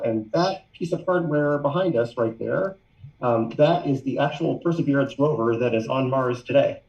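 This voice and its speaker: A man joining a video call as a guest, friendly and hesitant, with lots of ums. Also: mid-range voice. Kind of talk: casual video call chat. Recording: distant, dull lo-fi video call audio.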